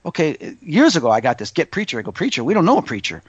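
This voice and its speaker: Animated man telling stories, muffled audio. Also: fast talker, slightly rough, no room sound. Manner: animated storyteller, acts out quotes in a higher voice. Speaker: psychic medium guest. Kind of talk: casual interview chat.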